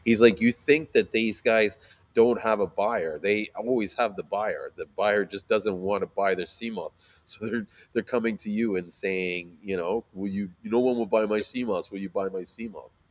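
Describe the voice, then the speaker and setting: Man chatting casually, lively and animated, heavy on filler words. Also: fairly low pitch, normal speed. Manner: animated, swears freely, many fillers. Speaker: sea moss seller. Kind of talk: casual storytelling chat.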